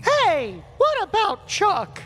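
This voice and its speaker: Brief: squeaky, bouncy nerd spy, very high and lively, slow delivery. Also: male voice, a little hiss or hum, heavily acted. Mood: eager. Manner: nerdy, eager exclamations. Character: goofy bumbling male spy agent. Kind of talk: comedy audio drama.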